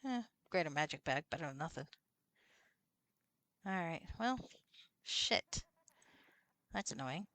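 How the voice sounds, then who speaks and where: A woman with a deep but somewhat bright voice streams a computer role-playing game, speaking slowly and animatedly with frequent pauses and no echo. Her casual let's-play chat includes swearing and reading the characters' lines aloud.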